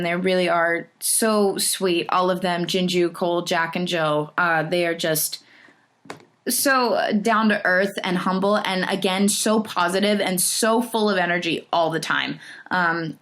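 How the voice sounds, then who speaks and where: A woman's voice: medium pitch, fairly bright tone. A woman who is a singer and actress, answering fan questions in a casual, bubbly way that rambles, with many restarts.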